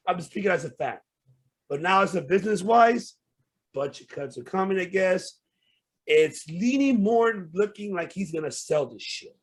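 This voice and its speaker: A man with a slightly high, husky voice hosts a casual podcast and rants at length. He talks with heated frustration and swears freely as he works himself up. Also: expressive, moderate pace. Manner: heated, profane ranting. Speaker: podcast host.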